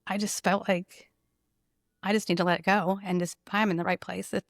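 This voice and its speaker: A woman who owns a salon, telling an emotional personal story in an animated, conversational way and laughing often. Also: medium pitch, moderate pace, no echo, clean studio sound. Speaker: salon owner.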